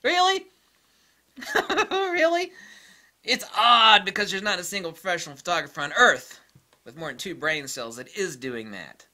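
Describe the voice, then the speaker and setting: A man with a fairly high, sharp-toned voice delivers an animated, brisk rant about camera habits. The photography vlogger sounds exasperated and sarcastic, often imitating others in mocking put-on voices.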